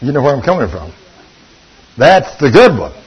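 An older man preaching a sermon, telling stories and swinging between loud and hushed. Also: medium pitch, very animated, normal speed, husky. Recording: dull lo-fi recording.

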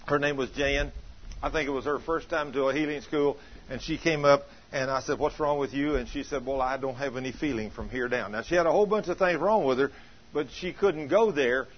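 A man's voice: mid-range voice, fairly quick, dull audio. A male preacher giving a sermon, telling a healing story and quoting scripture with earnest conviction.

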